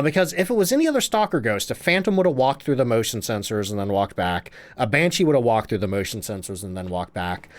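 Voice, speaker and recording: A man streaming a game live, chatty and excitable as he thanks viewers and explains his play. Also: on the high side. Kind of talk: live gameplay commentary.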